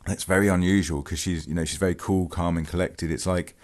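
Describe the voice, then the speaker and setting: On his own channel, a vlogger covers a true-crime case, his low, darkish voice fairly quick and fairly even in intonation. He's casual and halting, full of ums and false starts, and reads news excerpts aloud now and then.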